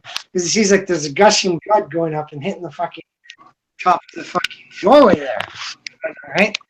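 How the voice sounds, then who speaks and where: Host, male, bright forceful tone, rambling swear-heavy storyteller. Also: sits high, normal speed, pauses often, slight background noise. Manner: rambling, profane, laughing through the story. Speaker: podcast host. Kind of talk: casual storytelling among friends.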